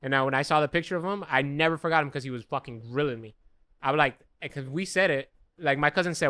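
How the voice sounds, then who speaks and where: A man's voice: on the high side, fast, sharp tone, no room sound. A young American man co-hosting a comedy podcast, telling a rambling, profane anecdote in casual chat. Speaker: podcast co-host.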